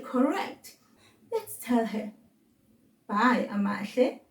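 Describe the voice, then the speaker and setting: A woman with a South African accent teaching a children's language lesson, encouraging and patient, saying words slowly for kids to repeat. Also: fairly high pitch, sing-song, darkish tone, reverberant, far from the mic.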